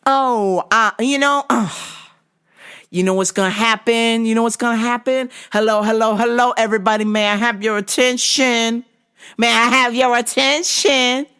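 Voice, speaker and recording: Brief: woman doing a grandiose, attention-hungry oddball customer, proclaiming, animated intonation. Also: mid-range voice, measured pace. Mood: attention-seeking. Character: eccentric self-important woman customer, preachy and grandiose.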